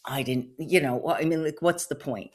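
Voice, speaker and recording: A woman's voice: low voice, moderate pace, a little mellow. A middle-aged woman hosting a podcast, telling a rambling personal story in a chatty way full of asides and fillers. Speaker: podcast host. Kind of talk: casual storytelling monologue.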